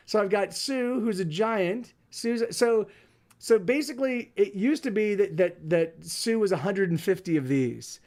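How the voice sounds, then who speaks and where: A man's voice: high-pitched, expressive, measured pace. A man hosting a livestream, chatting casually, rambling with lots of restarts and repeated words. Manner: soft baby talk to his dog. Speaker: livestream host. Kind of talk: casual chat.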